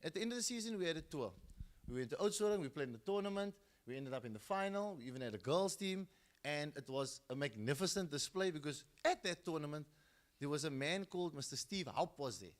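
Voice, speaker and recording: Animated South African man telling stories. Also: fairly high pitch, fairly quick. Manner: animated storyteller acting out quoted voices. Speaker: speaker at a school football launch. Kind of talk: storytelling speech.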